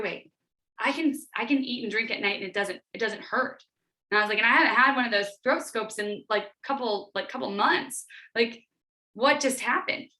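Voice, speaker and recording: A woman's voice: medium pitch, bright, forceful tone. A woman fitness coach telling her own story on a group call, chatty and full of "like" fillers, acting out what she said back then. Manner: chatty, lots of "like" fillers, acts out her own past lines. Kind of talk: casual testimonial on a group call.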